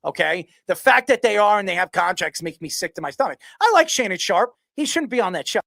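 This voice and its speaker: A man hosting a sports podcast who rants loudly and passionately, arguing hard and often raising his voice. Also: high-pitched, big pitch swings, fairly quick, vocal fry, no echo. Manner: loud, passionate, yells his arguments. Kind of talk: heated sports talk rant.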